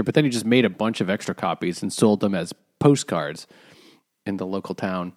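A man's voice: on the low side, lively intonation, normal speed, darkish tone. A man co-hosting a book club podcast, explaining the plot in casual, rambling detail. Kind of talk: casual chat.

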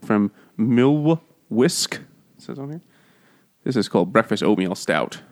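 A man's voice: on the low side, expressive, a little slow, darkish tone. A man co-hosting a casual podcast, retelling a classic story in a crude, joking way and voicing its characters as he goes. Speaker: podcast co-host. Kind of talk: casual comedic book chat over beers.

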